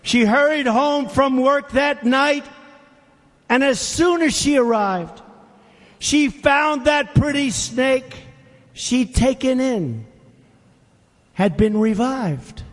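A man's voice: very high-pitched, expressive, takes it slowly, pauses often. A man giving a rally speech, reading a poem aloud with emphatic, repeated phrases and questions to the crowd. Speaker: political speaker. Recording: long reverb of big hall.

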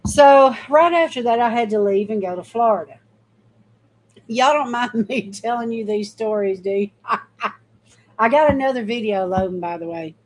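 A woman's voice: a little high, moderate pace, rough recording. A middle-aged woman, telling a personal faith testimony in a folksy, emphatic way and talking straight to her viewers. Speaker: mother giving a faith testimony. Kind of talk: casual storytelling testimony.

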